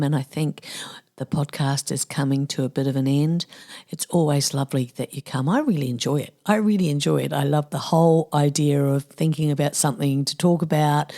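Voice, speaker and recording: A woman's voice: low voice, warm tone. A middle-aged woman with a New Zealand accent hosting a solo podcast in a playful, tongue-in-cheek, chatty way. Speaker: podcast host. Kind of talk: casual solo podcast monologue.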